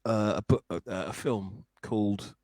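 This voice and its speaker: A man's voice: lowish voice, unhurried, darkish tone, no echo, poor audio. A man, a guest songwriter and blues musician, talking thoughtfully and earnestly in a conversation. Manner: earnest, thoughtful, searching for words. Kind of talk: reflective conversation.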